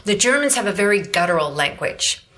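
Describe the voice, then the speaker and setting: A woman's voice: mid-range voice, big pitch swings, brisk, fairly bright tone. A woman vocal coach giving a lesson, explaining technique and prompting her student to repeat after her. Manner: directive, demonstrates growls and coaxes the student. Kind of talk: instructional demonstration.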